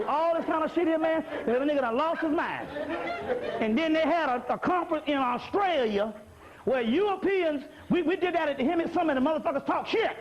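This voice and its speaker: A man lecturing an audience on spirituality in a profane, streetwise, comic preaching manner. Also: very high voice. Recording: dull lo-fi lecture recording.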